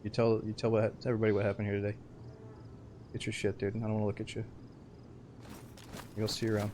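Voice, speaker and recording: Excitable profane male game streamer. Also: fairly low pitch, quick pace, background noise. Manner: excitable, profane, joking banter. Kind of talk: live gameplay commentary.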